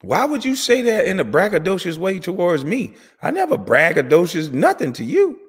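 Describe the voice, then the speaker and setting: A man's voice: sing-song, husky, long reverb tail. A man delivering an angry, profane commentary rant as host of his channel. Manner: heated, profane, rapid swings in pitch and volume.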